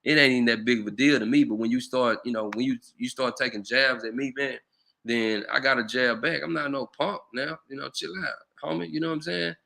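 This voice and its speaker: Rambling man, bright voice. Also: mid-range voice, steady tone, fairly quick, vocal fry. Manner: loose, conversational, lots of "you know". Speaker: channel host. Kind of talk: casual commentary monologue.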